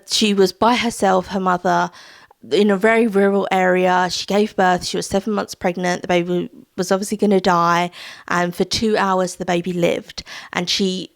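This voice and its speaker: A woman's voice: mid-range voice, creaky. A woman chatting about books in a monthly wrap-up, heartfelt and rambling with plenty of fillers. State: tearful at times. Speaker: book vlogger. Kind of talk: casual monthly reading wrap-up.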